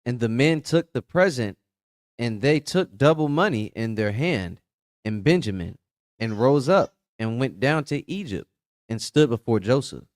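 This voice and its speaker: A man reading archaic scripture aloud in a steady, plain way during a Bible study. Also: mid-range voice, unhurried, no echo, studio quality.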